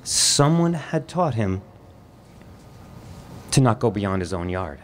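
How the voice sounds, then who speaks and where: A man recounts a childhood memory on stage at a live storytelling event. He talks at a mid pitch, measured and reflective, with dramatic pauses. A faint hiss sits under his voice. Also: big pitch swings.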